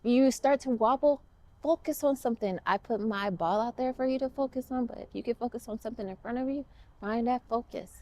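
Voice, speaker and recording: A woman's voice: a little high, brisk, mellow, no room sound. A woman guiding a kids yoga class, upbeat and encouraging with playful cues.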